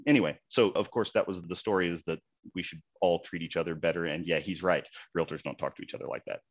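Male realtor, casual anecdote, quick delivery, slightly low voice, muffled lo-fi recording. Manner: animated, heated retelling with quoted exchanges. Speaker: realtor, local board president. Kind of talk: casual storytelling.

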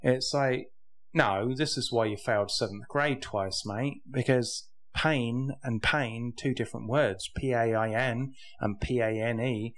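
A man's voice: mid-range voice, steady tone, unhurried. A man with an English accent, co-hosting a casual chat, joking and rambling with sarcastic asides. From England. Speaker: podcast co-host.

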